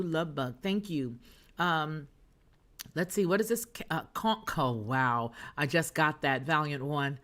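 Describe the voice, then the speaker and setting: A woman's voice: deep voice, a little slow, fairly bright tone. A woman hosting a news and chat livestream, talking to her viewers in a sassy, emphatic way as she reads their comments. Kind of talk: casual chat, reading chat comments.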